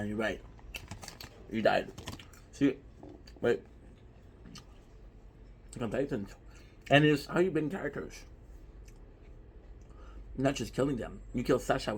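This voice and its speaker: A man's voice: medium pitch, slight background noise. A man chatting casually and emphatically to viewers, often throwing in rhetorical questions. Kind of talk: casual anime talk to viewers.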